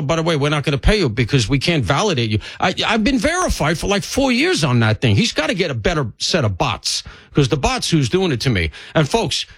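Older NY talk radio host, animated pitch, dry studio sound, joking rambling delivery, a bit stuffy. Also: male voice, no echo. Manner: chatty, joking, grumbling asides. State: stuffy from allergies. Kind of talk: casual talk radio monologue. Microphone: studio mic.

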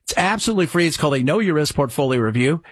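Rambling talk radio host, husky man. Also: on the high side, animated, rapid-fire, dry recording. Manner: rambling, conversational, jumps between topics. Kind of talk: casual radio talk and live reads.

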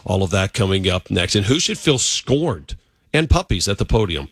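A man's voice: on the low side, very animated, normal speed, slightly rough. A man hosting a sports radio show, asking questions with playful disbelief and teasing upcoming segments. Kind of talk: casual radio chat and show tease.

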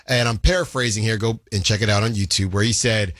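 A man's voice: on the low side, steady tone, fast, a bit bright, no room sound, studio quality. A man joining a sports radio show, talking in a rambling, wry and resigned way. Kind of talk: casual sports radio chat.

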